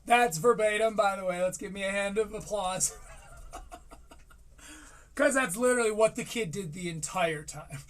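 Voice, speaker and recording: A man from Michigan giving casual, joking live-stream commentary on a comedy special, swearing freely between quick asides. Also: high-pitched, a bit bright, slight background noise. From Michigan, USA. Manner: profane, joking, fast asides.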